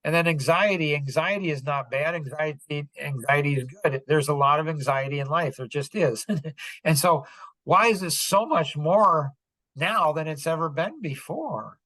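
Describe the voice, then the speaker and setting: A man's voice: a little high, moderate pace, pushed and bright, dry recording. A middle-aged man telling a personal story on a podcast, earnest and rambling, full of "like" and "you know". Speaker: podcast speaker.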